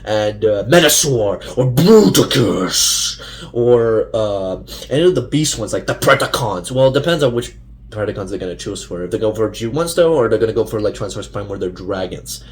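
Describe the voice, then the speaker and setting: Young male vlogger, lowish voice; loose, rambling casual rant full of fillers. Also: lively intonation, fairly quick. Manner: rambling, many fillers and restarts. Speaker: fan vlogger.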